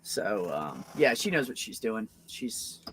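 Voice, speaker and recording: A woman's voice: a bass voice, slow pace, a crowd in the background. A woman hosting a casual stream chat and telling rowdy, profane stories from her childhood. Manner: profane, animated storyteller. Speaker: stream host.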